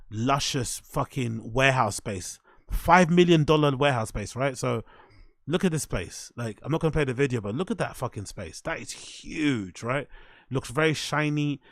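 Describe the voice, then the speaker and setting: A British man hosting a show, giving casual reaction commentary in an animated, slangy way with constant swearing. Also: medium pitch, normal speed, no room sound, studio quality. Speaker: host.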